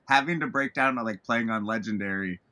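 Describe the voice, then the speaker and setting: A man's voice: fairly low pitch, brisk, pushed and bright. A man hosting a casual interview chat, rambling with many restarts. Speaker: podcast host.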